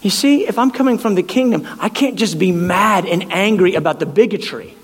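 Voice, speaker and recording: A man's voice: high voice, brisk, husky, long reverb tail. A man preaching a sermon in an impassioned way, often stammering and repeating words as he builds his points.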